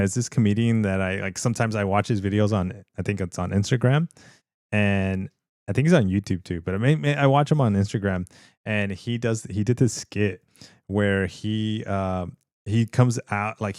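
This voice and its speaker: A man from California hosts a relaxed livestream from home, with a voice that sits on the lower side. He rambles, restarts his sentences and laughs easily as he chats. The sound is dry and close, with no room echo. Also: moderate pace. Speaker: livestream host. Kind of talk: casual livestream chat.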